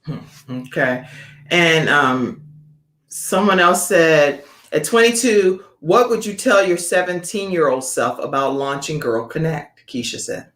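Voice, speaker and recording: A woman's voice: low voice, expressive, a little slow, a bit bright. A middle-aged woman hosting a talk show, effusive and praising, reading viewer comments aloud. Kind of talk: casual chat. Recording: echoey room.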